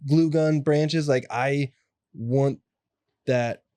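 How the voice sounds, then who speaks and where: A young adult man telling stories as an interview guest, animated and acting out the voices of people in them. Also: mid-range voice, very slow, clean tone, no room sound. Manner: animated, acts out quoted voices. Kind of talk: casual storytelling interview.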